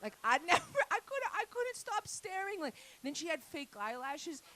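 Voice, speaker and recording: A woman's voice: very high-pitched, big pitch swings, moderate pace, sharp tone, a little hiss or hum, rough recording. A woman doing a crude, rambling stand-up set with lots of asides to the crowd. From Italian-Canadian family. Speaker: stand-up comedian. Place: comedy night venue.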